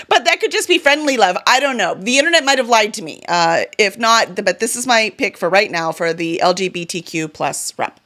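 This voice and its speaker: A woman's voice: medium pitch, lively intonation, a little fast, hardly any pauses, sharp tone. A woman vlogging about the books she plans to read, chatty and enthusiastic, with fillers and small self-corrections. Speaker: book vlogger and publisher. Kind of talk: casual reading-goals vlog.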